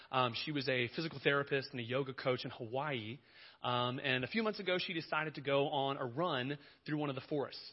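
A young man, a youth pastor, telling a funny story in a sermon, acting out dialogue with self-deprecating humor. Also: on the high side. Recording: muffled lo-fi recording.

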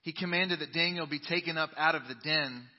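A man preaches from the pulpit in a slightly high voice, reading scripture with dramatic swings from booming lines to hushed asides. His voice rings through a long church reverb. The sound is a bit dull and muffled. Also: fairly quick. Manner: dramatic Bible reading with sudden loud and quiet turns. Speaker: pastor. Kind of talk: sermon. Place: church sanctuary.

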